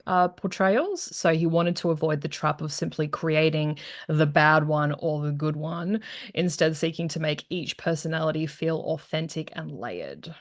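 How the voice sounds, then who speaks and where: A woman's voice: deep voice, normal speed, dry recording, clean studio sound. A woman co-hosting a casual rewatch podcast, reading out behind-the-scenes trivia with many fillers. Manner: reads out trivia in a relaxed, filler-laden way. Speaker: podcast co-host.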